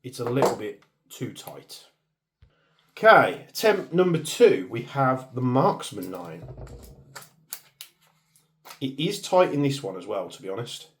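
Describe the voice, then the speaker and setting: With a sing-song, fairly bright medium-pitched voice, a man tests airsoft gear at a measured pace, leaving long pauses. He's the channel's host, talking casually and muttering to himself as he handles things, and clear background noise runs through the recording.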